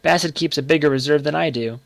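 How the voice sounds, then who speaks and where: A man voicing an earnest, secretive young boy who speaks gravely and pleads with his uncle. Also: on the high side, fast, no echo.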